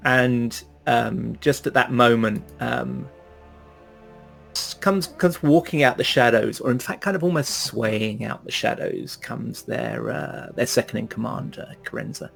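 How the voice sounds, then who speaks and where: A man narrating as game master of a tabletop role-playing game, pausing often with ums as he describes scenes. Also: medium pitch, gravelly, a bit bright, soft background music. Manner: hesitant, lots of ums while describing.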